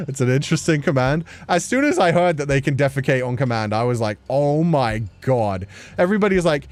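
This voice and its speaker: A man with a mid-pitched voice chats casually on his livestream, answering viewers' questions. He sounds playful and laughs easily, and his pitch swings up and down a lot. Quiet music plays faintly behind him. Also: expressive, normal speed. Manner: chatty and playful, laughing often between thoughts. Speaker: streamer. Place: at home.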